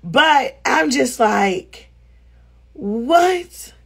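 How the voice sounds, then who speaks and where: Unhurried and slightly rough, with a fairly high pitch, a woman vlogger tells her viewers a story live from home over her phone. Her manner is blunt and animated, and the swearing comes freely.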